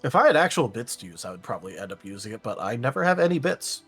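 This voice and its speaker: Husky guy gm-ing a tabletop game, laid back, drawn out lines. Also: medium pitch, very animated, fast talker, soft background music. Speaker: game master.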